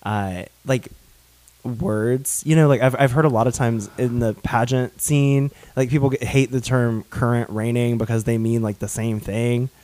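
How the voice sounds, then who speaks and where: A man's voice: mid-range voice, steady tone, a little slow, darkish tone, no echo. A young man with a Southern accent, co-hosting a casual podcast chat, talkative and laughing often, with frequent restarts. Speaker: podcast co-host.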